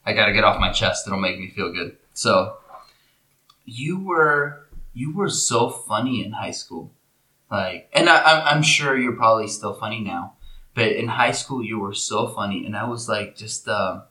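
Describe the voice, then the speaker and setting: A man's voice: fairly low pitch, animated, a little slow, pushed and bright, echoey room. A man in his thirties whose first language is Spanish, co-hosting a casual chat over a video call, laughing often and restarting his sentences. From Spanish-speaking country. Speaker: podcast co-host. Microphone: desktop mic on a video call.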